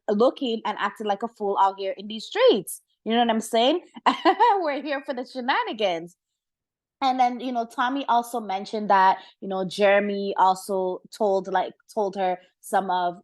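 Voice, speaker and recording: Woman, podcast host, casual gossip talk, slangy, laughing, fillers, slightly high voice.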